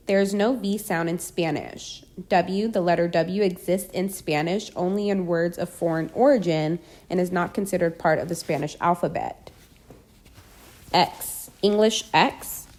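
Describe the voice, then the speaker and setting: A woman reading a scripted pronunciation lesson, deliberately enunciating each example word. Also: lowish voice. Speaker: language teacher.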